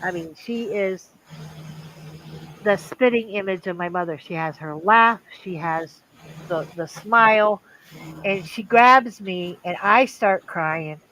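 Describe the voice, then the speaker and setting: Older woman telling a lively family story. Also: mid-range voice, slow pace, rough recording. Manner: animated, acts out quoted voices. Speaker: livestream host. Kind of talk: casual storytelling.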